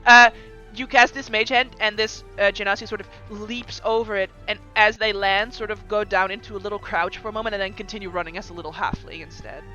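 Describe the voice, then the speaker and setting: Bright-voiced woman running a tabletop game. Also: medium pitch, fairly quick, dull audio, faint music behind. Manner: relaxed, hesitant narration with many ums. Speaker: game master.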